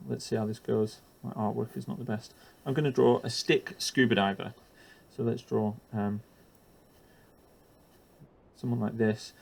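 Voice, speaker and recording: Guy, gravelly voice, talks through drawing a chemistry lesson, lots of ums. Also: mid-range voice, fairly even intonation, unhurried, pauses often, darkish tone. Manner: hesitant, lots of ums and uhs, self-deprecating. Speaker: teacher. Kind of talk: teacher-training lesson explaining while drawing.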